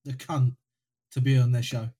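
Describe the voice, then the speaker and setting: A man's voice: mid-range voice, little pitch movement, normal speed, dark tone, husky. A man chatting on a podcast who swears constantly and cracks crude jokes. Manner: crude, swearing a lot, joking. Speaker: podcast co-host. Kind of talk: casual podcast chat.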